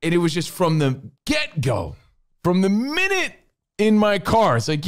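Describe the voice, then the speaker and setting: Man, middle-aged, podcast co-host, comic storytelling, lively delivery, fairly high pitch. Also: unhurried. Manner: animated, acts out scenes with shouts and voices. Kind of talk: comedic storytelling chat.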